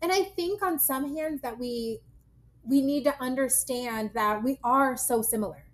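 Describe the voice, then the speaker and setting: A woman with a slightly high voice chats casually as a guest. She tells stories and drops in quoted asides as she goes. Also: unhurried. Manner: chatty, storytelling with quoted asides. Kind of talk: casual chat.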